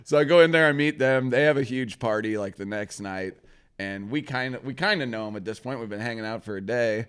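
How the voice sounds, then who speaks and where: A man's voice: mid-range voice, a little fast, fairly bright tone, smooth. A man in casual podcast chat, telling a rambling, profane story and laughing often as he goes. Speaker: podcast co-host.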